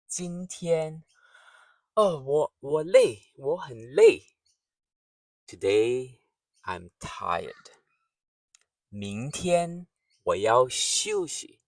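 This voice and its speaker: Slow patient guy teaching beginners, voice swoops up and down a lot, bit far from the mic. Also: mid-range voice, no room sound, clean studio sound. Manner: slow, patient, repeats words clearly. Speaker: language teacher. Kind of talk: beginner language lesson.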